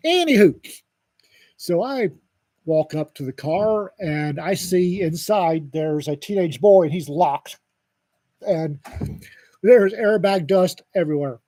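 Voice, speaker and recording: A man with a husky, somewhat high voice co-hosts a podcast. He tells a story in a dry, wisecracking way. The sound is dry and close. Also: takes it slowly, warm tone, no echo. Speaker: podcast co-host. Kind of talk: casual storytelling chat.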